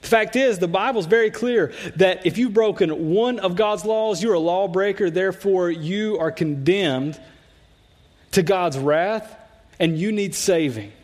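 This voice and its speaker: A man with a high-pitched voice preaches a sermon to his congregation. His delivery is conversational and loose, with repeated words and frequent "like". He sounds like a pastor talking straight to the people in the room. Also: a little slow, darkish tone. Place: church sanctuary.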